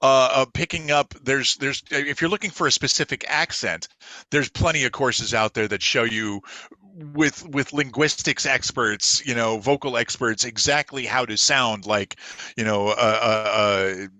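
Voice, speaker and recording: A man's voice: medium pitch, measured pace, bright, forceful tone, dry recording. A man coaching in an online voiceover class, chatty and joking.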